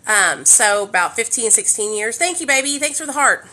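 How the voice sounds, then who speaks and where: A woman's voice: fairly high pitch, animated, normal speed, pushed and bright. A woman, chatting candidly to livestream viewers from her living room on a phone, swearing freely. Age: 30s. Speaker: livestream host. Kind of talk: casual livestream chat.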